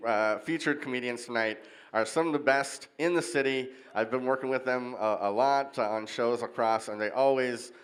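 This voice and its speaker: Male emcee, mid voice, loose and halting crowd hype, introducing comics on a handheld mic. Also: mid-range voice, rough recording. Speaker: comedy show host. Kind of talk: introducing acts. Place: wedding reception hall.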